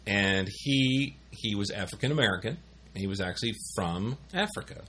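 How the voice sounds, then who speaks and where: A man's voice: on the low side, animated, normal speed, a crowd in the background. A man hosting a podcast, telling stories in casual chat and mimicking voices. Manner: chatty storyteller who mimics voices. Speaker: podcast host.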